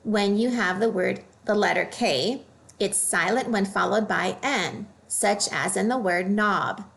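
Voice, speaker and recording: A woman teaching a phonics lesson for children, modeling each word slowly and clearly. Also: mid-range voice, a bit bright.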